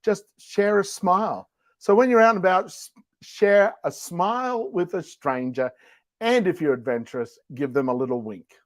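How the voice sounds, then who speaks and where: A man's voice: sits high, animated, normal speed, no room sound. A man co-hosting a casual talk show, telling stories with a playful manner and mimicking animal and neighbor voices. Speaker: co-host. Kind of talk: casual chat.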